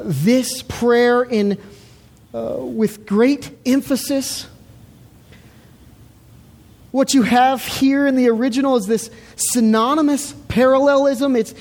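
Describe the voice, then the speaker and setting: A woman's voice: fairly high pitch, darkish tone. A woman preaching a sermon in an earnest, emphatic way, repeating words as she builds her point. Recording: reverberant hall.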